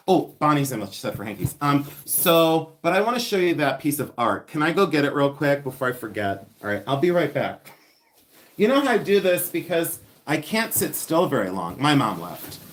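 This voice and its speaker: Chatty, lively man hosting a live stream. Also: a little high. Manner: chatty, self-mocking, excitable. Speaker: livestream host selling vintage finds. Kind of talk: casual live-stream chat. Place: indoors at home, seated with items.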